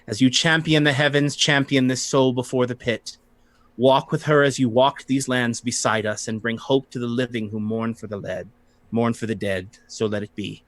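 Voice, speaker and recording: A man's voice: mid-range voice, steady tone, moderate pace, fairly bright tone, close to an everyday voice. A man doing a solemn cleric's prayer. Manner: solemn, formal recitation. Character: solemn woman cleric praying for the dead.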